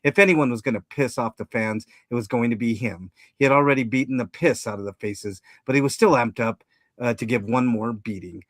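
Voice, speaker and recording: A man on a podcast reading a comedic story aloud in a casual, steady way, correcting himself now and then. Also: mid-range voice, fairly quick, no echo, studio quality. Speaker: podcast co-host and story reader.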